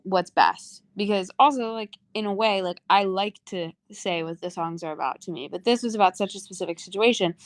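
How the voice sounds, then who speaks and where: A woman's voice: medium pitch, dry recording. A woman chatting casually on a livestream, groggy, rambling and giggly, swearing freely between songs. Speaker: singer on a livestream.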